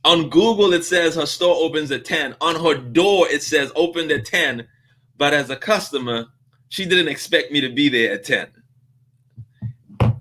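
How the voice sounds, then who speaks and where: A man hosting a business vlog, telling a story in a casual, animated way and acting out the dialogue. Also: a little high, unhurried, long pauses. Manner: animated, laughs through his story, acts out dialogue. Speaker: vlog host on business advice.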